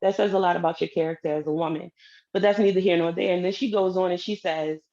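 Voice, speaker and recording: A woman's voice: lowish voice, quick pace, lo-fi sound. A woman telling a personal story in a casual way, acting out the lines of the people in it. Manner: animated, acts out quoted dialogue.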